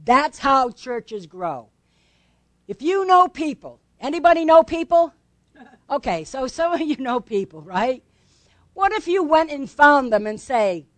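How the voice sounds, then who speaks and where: A woman's voice: high-pitched, sing-song, a little slow, no echo. A woman pastor preaching a sermon in a conversational way, often asking the congregation questions and laughing lightly.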